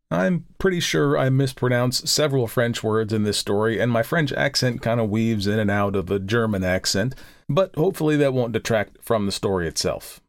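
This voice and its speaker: A man from the United States hosting a podcast, chatting casually and then reading a classic story in a measured voice. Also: fairly low pitch, no room sound, clean studio sound. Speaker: podcast host and narrator.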